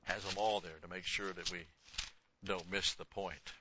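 A man's voice: sits low, steady tone, normal speed, lo-fi sound, noisy background. A man teaching the Bible verse by verse. He reads passages aloud with rising emphasis, then explains them in a casual, conversational aside.

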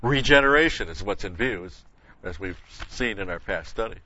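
Older man, Bible study teacher, bright forceful voice, lowish pitch, folksy and digressive, muffled lo-fi recording. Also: lively intonation, normal speed, slight background noise. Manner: folksy, digressive storytelling with chuckles.

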